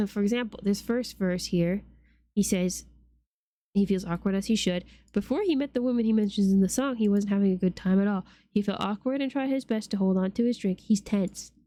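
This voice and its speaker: A woman's voice: medium pitch, fairly quick, dark tone, no echo. Woman, casual stream chat, playful, swears, dry close mic.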